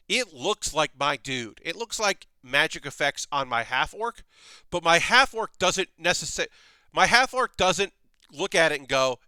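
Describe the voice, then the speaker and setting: A young adult man talking casually on a livestream, a bright and forceful voice with a crisp, smooth edge. He rambles with restarts and slips into quick acted-out lines. The sound is dry and close, with no room around him. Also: a little high, dry recording. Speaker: streamer. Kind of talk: casual chat while model building.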